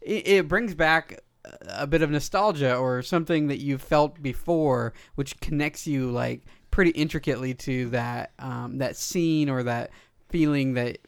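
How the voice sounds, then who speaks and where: A man's voice: mid-range voice, a little slow, creaky, clean tone, no echo, studio quality. A man co-hosting a casual podcast chat about role-playing, reflective and hesitant with many fillers.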